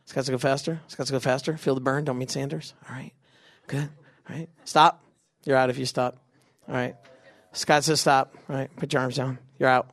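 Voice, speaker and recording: A young man leading a big youth crowd through a game, joking and doing quick silly voices. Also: mid-range voice, steady tone, a bit bright, no room sound. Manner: goofy, quick asides, acts out voices. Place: event venue with a live audience.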